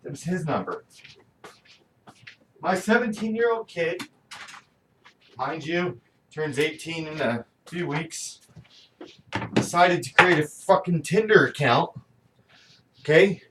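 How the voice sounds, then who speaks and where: A man's voice: on the high side, animated, slow pace, long pauses, fairly bright tone. A middle-aged man talking candidly in a personal video diary, venting and swearing often. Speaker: vlogger. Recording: distant mic with faint background noise.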